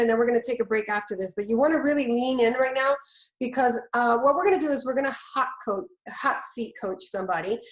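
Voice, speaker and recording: A woman's voice: on the high side, roomy sound. A woman hosting a live online coaching event, upbeat and instructive as she introduces the next segment. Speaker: host, love coach.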